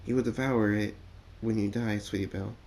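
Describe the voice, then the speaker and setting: Guy voicing a worried bookish pony princess, earnest, dark low voice. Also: fairly even intonation, normal speed, lightly acted. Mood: grave. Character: studious female pony princess, grave and worried.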